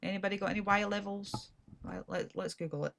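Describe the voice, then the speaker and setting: A Scottish woman streamer talks through her game in a loose, rambling chat, quick to poke fun at herself. Her voice is mid-pitched and has a gravelly edge. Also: steady tone, fairly bright tone, a little hiss or hum. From Scotland. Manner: chatty, rambling, self-deprecating. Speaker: gaming streamer. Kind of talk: casual gameplay commentary.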